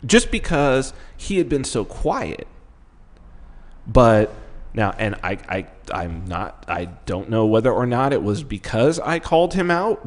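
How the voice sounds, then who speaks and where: A man in mid pitch co-hosting a casual podcast. He talks excitably, swears freely and keeps restarting his sentences as he goes. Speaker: podcast co-host. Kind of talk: casual chat.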